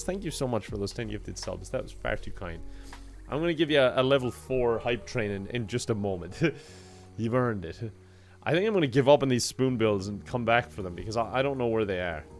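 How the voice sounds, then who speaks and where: Male streamer, loose chatty delivery, laughs a lot, faint game music under his voice. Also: mid-range voice. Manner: chatty, laughs often, thanks viewers by name. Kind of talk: casual gaming livestream chat.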